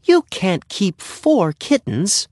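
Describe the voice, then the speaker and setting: A flustered, fussing mother, as a male narrator puts her on, speaking high and slow with drawn-out words. A storybook reading in a dry, close recording. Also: huge pitch swings, darkish tone, no echo, exaggerated voice. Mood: exasperated.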